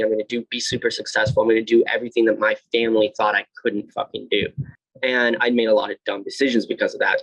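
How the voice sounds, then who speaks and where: A man's voice: lowish voice, a bit bright, no echo, poor audio. A young man in his twenties, a podcast guest, telling his own story with candor, blunt and swearing freely, with many fillers and restarts. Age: 20s. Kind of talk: candid personal storytelling.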